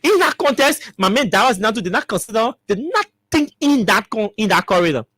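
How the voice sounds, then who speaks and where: A man's voice: high-pitched, sing-song, brisk, pushed and bright, slightly rough, no room sound, studio quality. A man with a Liberian English accent hosts a talk show, giving emphatic political commentary full of repeated rhetorical questions.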